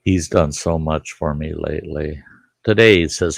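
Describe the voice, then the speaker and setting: A man's voice: a bass voice, normal speed, vocal fry, dry recording. A man in his sixties hosting a live stream, talking in a rambling, emphatic, indignant way from his home studio. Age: 60s. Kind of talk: casual monologue.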